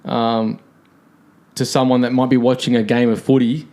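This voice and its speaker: A man's voice: mid-range voice, level tone, moderate pace, dark tone. An Australian man chatting casually as a podcast guest, laid-back and joking, with the odd swear word.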